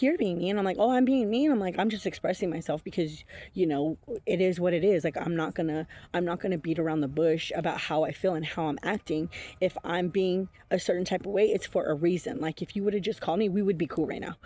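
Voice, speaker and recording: A woman's voice: lowish voice, warm tone. A woman telling a personal story in a casual vlog, blunt and profane, rambling with fillers and frequent laughs. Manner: rambling with many fillers and restarts. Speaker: intuitive reader.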